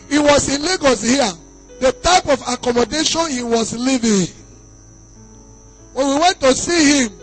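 A male pastor with a Nigerian accent preaching a sermon to a church, reading scripture and building to shouted emphasis. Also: very high voice, rough recording.

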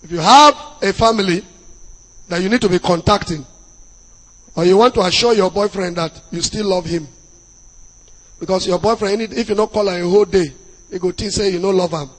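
A man with a Nigerian accent preaching as a pastor, dropping into Pidgin asides and bursting into loud emphasis. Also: sits high, brisk, pauses often. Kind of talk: sermon. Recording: long hall reverb.

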